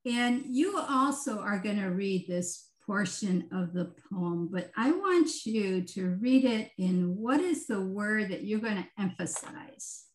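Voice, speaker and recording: A woman facilitating a virtual group session, giving gentle, unhurried instructions over a video call and often checking in with "right?". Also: mid-range voice, lively intonation, roomy sound, low-quality recording. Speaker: retreat facilitator.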